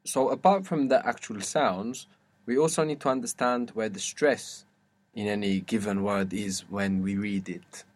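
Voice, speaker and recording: A man's voice: on the low side, measured pace. Patient male language teacher. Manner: patient, explanatory, asks the student questions. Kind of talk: audio language lesson.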